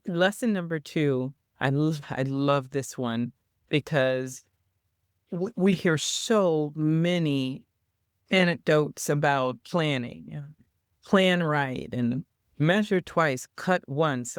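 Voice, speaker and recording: A man with a fairly high voice hosts an interview, chatty and enthusiastic as he sets up each topic. He gets animated when paraphrasing others. The sound is dry and close. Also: slow pace, smooth, dry recording. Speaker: host and entrepreneur coach. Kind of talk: interview hosting.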